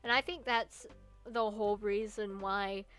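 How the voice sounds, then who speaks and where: A woman's voice: mid-range voice, steady tone, measured pace, fairly bright tone, soft background music. A young woman streamer telling personal stories in a casual, rambling way, with restarts and small laughs. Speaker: vtuber streamer. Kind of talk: casual storytelling chat.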